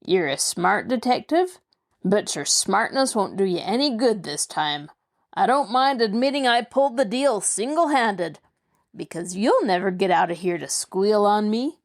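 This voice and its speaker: A woman's voice: mid-range voice, lively intonation, a little slow. A sneering, ruthless crook who boasts of his own cleverness, read by a woman. He gloats over his captives in a storybook reading. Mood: gloating.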